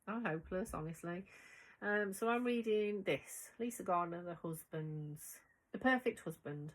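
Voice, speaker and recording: A woman's voice: lowish voice, measured pace, poor audio. Chatty woman sewing vlogger. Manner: chatty, rambling, bubbly and excitable. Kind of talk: casual chat to camera.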